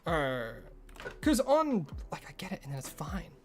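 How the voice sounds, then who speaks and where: A man's voice: on the high side, wildly swooping pitch, normal speed. A young man chatting casually with his live-stream audience, swearing freely and laughing often. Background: faint music.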